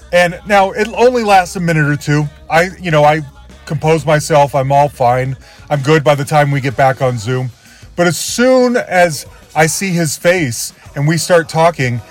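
A man hosting a podcast and introducing an episode on his own, rambling and self-deprecating. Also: high-pitched. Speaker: podcast host.

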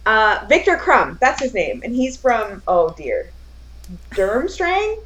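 A woman with a slightly higher voice answering trivia among friends. She hesitates and thinks aloud, trailing off as she tries to recall names. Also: wildly swooping pitch, slow pace, a bit bright, dull audio. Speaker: quiz contestant. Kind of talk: casual chat.

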